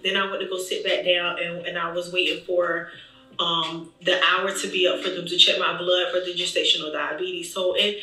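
Chatty woman, bright and echoey. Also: fairly low pitch, moderate pace. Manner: animated, chatty, addresses viewers directly. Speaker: vlogger. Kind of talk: emotional storytime. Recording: echoey room, distant mic.

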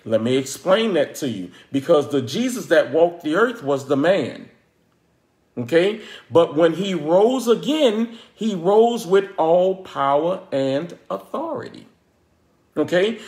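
A man's voice: a little high, a little mellow. Man teaching casually in an echoey room. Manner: conversational, repeats words, checks in with "okay?". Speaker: preacher. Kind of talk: informal Bible teaching.

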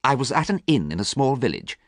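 Dorian, an earnest young gentleman voiced by a man. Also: medium pitch, very animated, fast talker, no echo, clean studio sound, pitched above the performer's own voice. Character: young gentleman, anxious and eager to be good. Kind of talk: storybook character reading.

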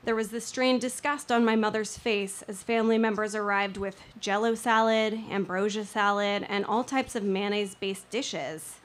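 A woman's voice: mid-range voice, steady tone, normal speed, few pauses. A young woman telling a personal story on stage, with wry, self-mocking humor.

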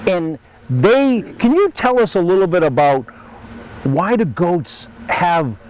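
Guy hosting a garden show out on a farm, kinda high voice, little bit of background noise. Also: expressive, takes it slowly, darkish tone, poor audio. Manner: jokey, talks to the goats like workers. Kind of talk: casual outdoor show hosting. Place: outdoors at a farm field.

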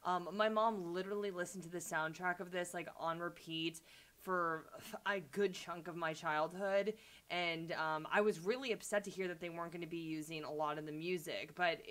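A woman's voice: lowish voice, fairly even intonation, moderate pace, a bit bright. A young woman hosting a casual trailer reaction video, chatty and gushing, with lots of ums and likes. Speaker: YouTube reaction host.

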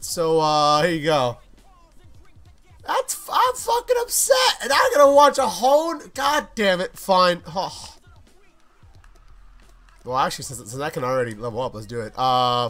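A young man giving profane let's play commentary on a wrestling game, muttering low asides and then shouting at what happens on screen. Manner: swears constantly, swings from mumbling asides to shouting at the game. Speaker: gaming YouTuber.

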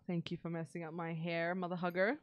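A woman's voice: lowish voice, no echo, highs cut off. A young woman streaming games live, swearing constantly and ranting at the game when it frustrates her.

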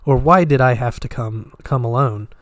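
A man reading aloud, giving a coy young woman's lines with a lifted pitch. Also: moderate pace, no echo, lightly acted. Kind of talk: audiobook reading.

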